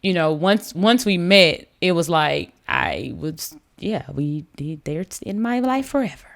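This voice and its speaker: A woman guest on a podcast, telling a story in a casual, animated way with many fillers and restarts. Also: fairly low pitch, unhurried, gravelly.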